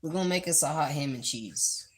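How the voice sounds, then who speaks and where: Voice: medium pitch, animated, a little fast. A host who chats in a goofy, rambling way during a casual cooking livestream in a home kitchen. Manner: goofy and rambling, with sound effects. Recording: noisy with clicks.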